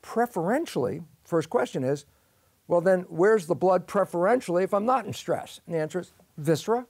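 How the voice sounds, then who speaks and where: A man's voice: sits high, lively intonation, a little fast, darkish tone, dry recording. An older man explaining science in an interview, telling it as a story where he asks and answers his own questions. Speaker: guest expert.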